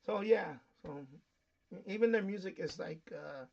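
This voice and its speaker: Gravelly high-voiced New man. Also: unhurried, a little mellow, lo-fi sound. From New York, USA. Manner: rambling, explains things with many fillers. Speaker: shortwave radio live stream host. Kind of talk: casual live stream chat.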